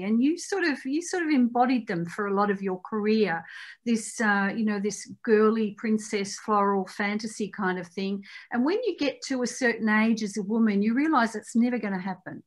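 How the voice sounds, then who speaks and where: A woman interviewer asking questions on a video call, thoughtful and hesitant, with many fillers. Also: on the high side. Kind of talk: conversational interview.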